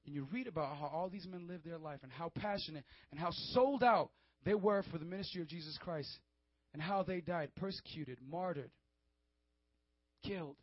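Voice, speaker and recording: A man with a high voice preaches a fervent sermon, pressing his points and calling out to the young crowd. The sound is dry and a little dull, with no room echo and muted highs. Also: animated, moderate pace. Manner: fervent, emphatic, calls out to listeners.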